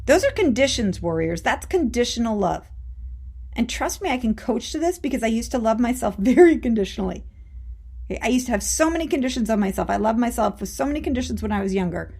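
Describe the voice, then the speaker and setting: Emphatic woman life coach, higher voice. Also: lively intonation, quick pace, creaky, a little mellow, husky. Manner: emphatic, conversational, addresses listeners as warriors; casual with mild swearing and frequent "okay?". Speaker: life coach and show host. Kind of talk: motivational talk to listeners.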